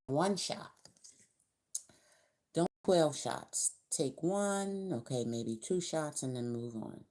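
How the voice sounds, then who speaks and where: Low-voiced chatty woman tarot reader. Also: darkish tone. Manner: chatty, colloquial, rambling. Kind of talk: casual tarot reading to camera.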